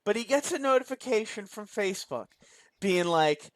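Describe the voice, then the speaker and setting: High-voiced dude swearing and venting about a lazy movie, dry close mic. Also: male voice, lively intonation, normal speed, no echo. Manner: exasperated, profane, emphatic ranting. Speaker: podcast co-host. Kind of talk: casual movie-review chat.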